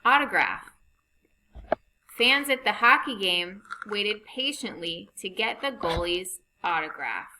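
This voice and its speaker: A woman teaching a phonics lesson over slides, reading rules and example sentences slowly and deliberately. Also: medium pitch, expressive, noisy background.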